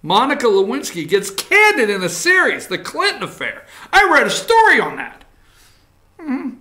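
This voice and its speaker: A man hosting a morning talk show, reading headlines aloud and joking about them in a casual, animated way. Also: extremely high pitch, normal speed. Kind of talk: casual political commentary.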